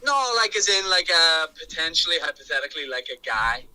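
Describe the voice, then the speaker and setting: Bright high-voiced man joking on a call. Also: big pitch swings, fairly quick, low-quality recording. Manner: hesitant, mock-conspiratorial joking. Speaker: caller. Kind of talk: casual phone banter.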